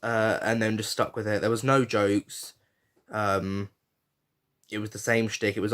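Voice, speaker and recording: A man's voice: fairly low pitch, flat delivery, moderate pace, fairly bright tone. A man chatting casually as a podcast host, frank and given to swearing, with fillers and restarts. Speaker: podcast host reviewing a reality show. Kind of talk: casual review chat.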